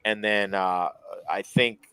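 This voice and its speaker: Male podcast co-host, bright forceful tone, crude and profane, dry close mic. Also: on the low side, slow, clean tone, dry recording, low-quality recording. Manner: crude, profane, animated storytelling. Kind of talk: casual chat.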